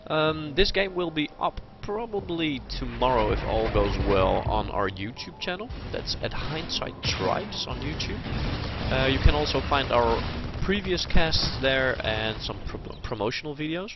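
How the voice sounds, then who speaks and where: A man hosting an esports cast and wrapping it up in a relaxed way, pausing with many fillers. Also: mid-range voice, highs cut off, heavy background noise. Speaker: esports caster hosting the broadcast. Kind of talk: closing remarks of a game cast.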